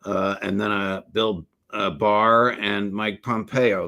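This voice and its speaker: Low-voiced male host, measured. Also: level tone, gravelly, pushed and bright. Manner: measured, with frequent "uh" pauses. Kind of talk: political interview show.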